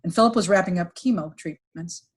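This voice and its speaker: A middle-aged woman recounting a painful family story on a podcast, with halting restarts and fillers, sometimes quoting others in livelier voices. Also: on the low side, slightly rough. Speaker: podcast guest, executive recruiter. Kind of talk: emotional personal storytelling.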